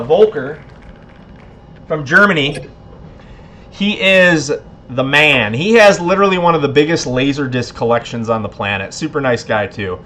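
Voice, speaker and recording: A man's voice: a little high, fairly bright tone. A man hosting a casual livestream giveaway, laid-back, a bit tipsy and laughing often. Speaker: livestream host.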